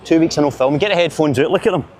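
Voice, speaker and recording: A Glaswegian man with a highish, darkish voice races along as he vlogs a walk through busy city streets, talking to camera. He jokes and rambles in chatty banter, with soft music and a faint crowd in the background.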